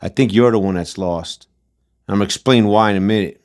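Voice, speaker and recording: A man with a lowish, brisk, slightly mellow voice hosts a commentary channel. In a casual rant, he's blunt, combative, and slangy, repeating his points.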